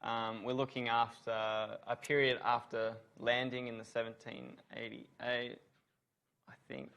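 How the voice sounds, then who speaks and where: A man's voice: mid-range voice, bright, forceful tone, smooth. A man giving a university revision lecture on law, asking students questions and praising their answers.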